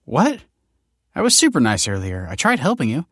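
A man voicing a sharp-tongued young woman. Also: mid-range voice, wildly swooping pitch, quick pace, dry recording, clean studio sound, pitched above the performer's own voice. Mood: teasing. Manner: sharp, snappy banter. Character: brash, teasing young adult woman.

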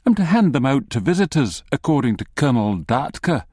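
A man voicing an anxious, edgy young man, in a higher, strained voice. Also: sing-song, fairly quick, a little mellow, husky, no room sound, studio quality. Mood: uneasy.

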